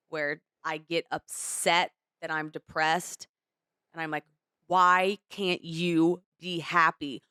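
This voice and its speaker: Young woman co-host, lowish smooth voice, dry close sound, candid rambling chat. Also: fairly bright tone, dry recording. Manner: candid, rambling, emotional retelling. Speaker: podcast co-host. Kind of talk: casual chat.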